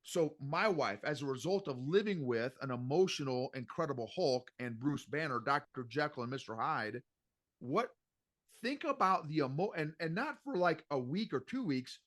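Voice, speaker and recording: A middle-aged man coaching on emotional intelligence as a podcast guest, talking in an animated, emphatic way and repeating his points. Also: fairly high pitch, moderate pace. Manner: animated and emphatic, repeats phrases, says "bro". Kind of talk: casual podcast interview.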